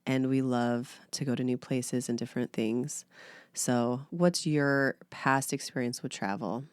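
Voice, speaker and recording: Woman, 30s, low pitch, dry sound, casual podcast chat, lively storyteller. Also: measured pace, clean tone, no room sound. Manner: animated storyteller, laughs often. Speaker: podcast co-host.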